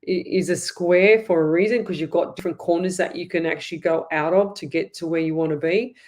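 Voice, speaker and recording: Chatty Australian woman, lowish voice. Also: fairly even intonation, brisk, darkish tone. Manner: chatty, rambling, repeats herself. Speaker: psychic medium host. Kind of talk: live online reading.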